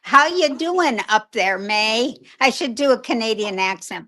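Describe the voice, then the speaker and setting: An older woman chatting as a guest on a video call, laughing often and greeting people warmly. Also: fairly high pitch, expressive, moderate pace, hardly any pauses. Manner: giggly, warm greetings. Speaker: guest, former child actress. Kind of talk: casual interview chat.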